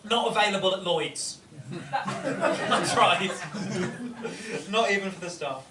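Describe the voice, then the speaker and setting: Brief: male stand-up, wry and rambling, high voice, echoey room far off. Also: lively intonation, takes it slowly. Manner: wry, rambling, self-interrupting. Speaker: stand-up comedian. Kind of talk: stand-up set. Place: comedy venue, live audience. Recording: roomy, distant, noisy live room.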